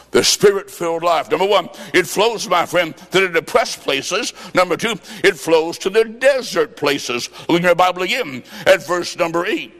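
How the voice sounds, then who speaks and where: High-voiced gravelly preacher in a big hall. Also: male voice. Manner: folksy storytelling with quoted dialogue and bursts of shouting. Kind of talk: sermon.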